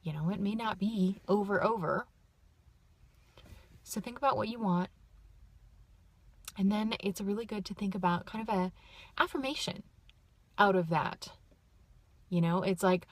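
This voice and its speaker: A middle-aged woman giving casual, upbeat advice straight to camera, chatty and full of asides and quick "right?" tags. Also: medium pitch. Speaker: vlogger giving life tips.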